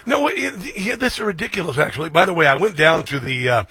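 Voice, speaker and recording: Male talk host, laughs a lot, sharp bright tone, slightly raspy. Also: fairly high pitch, very animated. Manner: chatty, laughs often, quick interjections. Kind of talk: casual political chat.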